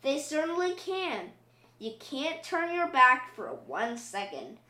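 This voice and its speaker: A woman's voice: sits high, big pitch swings, takes it slowly, pushed and bright, exaggerated voice. A woman voicing an exasperated but loving mother pig in a storybook reading. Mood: fond. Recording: roomy echo.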